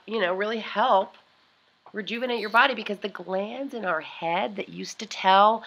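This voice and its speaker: A woman's voice: mid-range voice, sharp tone, slightly rough, poor audio. A woman vlogger chatting casually as she tries out beauty gadgets, rambling and often trailing off mid-thought.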